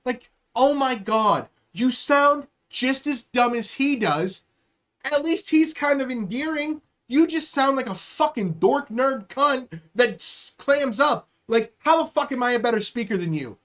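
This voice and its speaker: A man's voice: very high-pitched, lively intonation, unhurried, a bit bright. A male comedian hosting a live-streamed podcast, ranting heatedly and swearing freely.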